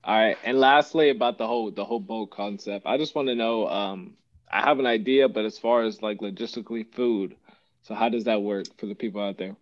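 A man hosting a podcast, chatting in a relaxed, rambling way with lots of fillers. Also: fairly low pitch, a little fast, dry recording, highs cut off. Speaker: podcast host. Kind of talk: casual podcast chat.

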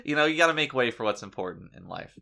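A man's voice: medium pitch, expressive, fast, gravelly, bright, forceful tone. A man co-hosting a comedy podcast, ranting in mock indignation and swearing freely. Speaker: podcast co-host. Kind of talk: comedic in-character podcast chat.

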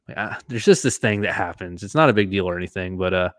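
A man co-hosting a casual podcast, telling a fishing story with lively acted-out quotes. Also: on the low side, fast, few pauses, no room sound, clean studio sound. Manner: animated storyteller, acts out quotes. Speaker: podcast co-host.

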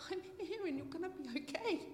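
A woman's voice: extremely high pitch, expressive, a little fast. A middle-aged woman giving a heartfelt personal testimony at a church meeting, at times near tears. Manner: heartfelt, tearful at times, with soft laughs. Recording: echoey hall with faint noise.

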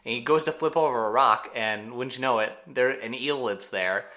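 A man co-hosting a podcast, recapping an episode in casual chat with animated storytelling. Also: medium pitch. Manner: animated storytelling with quick asides. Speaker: podcast co-host.

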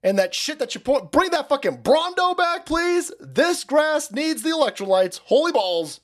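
A man voicing a frantic, pleading man who shouts in panic, shrill and strained. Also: big pitch swings, moderate pace, full character voice. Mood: frantic, begging.

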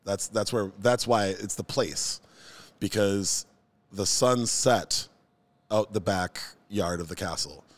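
A man in his forties telling a story in a relaxed, casual chat. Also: on the low side, takes it slowly. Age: 40s.

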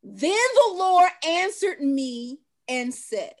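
A woman co-hosting a casual faith talk, reading scripture slowly and emphatically and cheering her co-host on with quick interjections. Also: high voice, sing-song, a little mellow. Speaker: podcast co-host.

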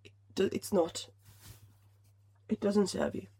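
Emotional woman, husky voice. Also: medium pitch, level tone, slow, mellow. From Finland. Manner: emotional, swears freely, many restarts. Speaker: podcast host. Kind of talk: casual solo podcast talk.

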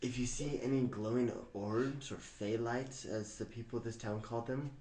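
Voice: mid-range voice, steady tone, moderate pace, mellow, echoey room, a little hiss or hum. A player in a tabletop game, speaking politely in character.

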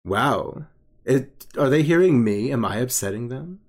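A man hosting a casual film-discussion podcast, amused and halting, restarting his sentences often. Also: mid-range voice, lively intonation. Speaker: podcast host.

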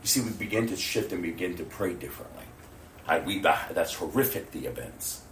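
A man preaching a sermon to his church, rising to loud exclamations and dropping to hushed near-whispers, laughing often. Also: deep voice, animated, moderate pace, a little hiss or hum. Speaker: pastor. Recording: roomy, from far off the mic. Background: congregation responses.

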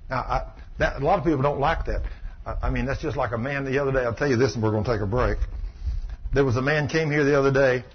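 A man's voice: medium pitch, fast talker. A man preaching, a folksy and emphatic healing school teacher who retells conversations as he goes. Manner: folksy, emphatic, recounting dialogue. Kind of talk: sermon with storytelling. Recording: muffled recording with faint background hiss.

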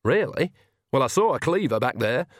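A man's voice: medium pitch, sing-song, moderate pace, dry recording, studio quality, voice pushed up. A man voicing a cheerful, cunning old witch woman who bosses people about in a folksy way. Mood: bossy cheerful.

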